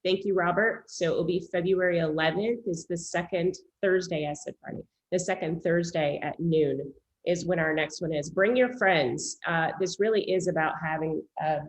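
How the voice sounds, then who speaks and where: Lower-voiced woman hosting a group call. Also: rough recording. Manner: relaxed, with filler pauses. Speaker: meeting host.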